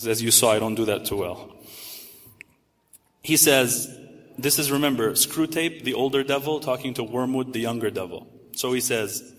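A man's voice: mid-range voice, normal speed, fairly bright tone. A man giving a religious lecture to a live audience, emphatic, building lists with rising stress. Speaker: religious speaker. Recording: echoey hall reverb.

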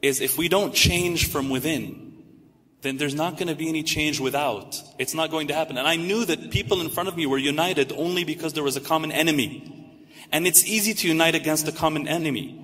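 A man's voice: a little high, a little fast, a bit bright. A man giving a religious lecture to a live audience, emphatic, building lists with rising stress. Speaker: religious speaker. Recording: echoey hall reverb.

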